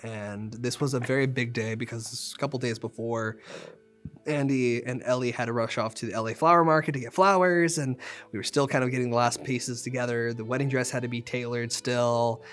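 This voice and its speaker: A man from a film crew recounting a shoot in a steady, matter-of-fact way. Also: mid-range voice, brisk, faint music behind. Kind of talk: behind-the-scenes recollection.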